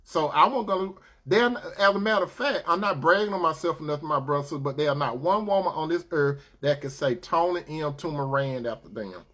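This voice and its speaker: A man's voice: a little high, fairly quick, hardly any pauses, fairly bright tone. A man telling a story casually and playfully to his viewers, acting out both sides of the talk. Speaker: advice talk host.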